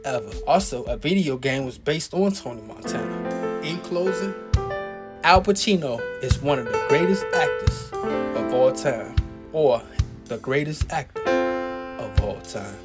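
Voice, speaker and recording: A man's voice: mid-range voice, lively intonation, measured pace. A man narrating a tribute video in an earnest, admiring scripted way. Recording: narration over loud music.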